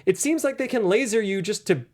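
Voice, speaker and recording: A man co-hosting a casual movie podcast, joking and swearing as he recaps scenes. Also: high voice. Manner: animated, swearing, quick asides. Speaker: podcast co-host.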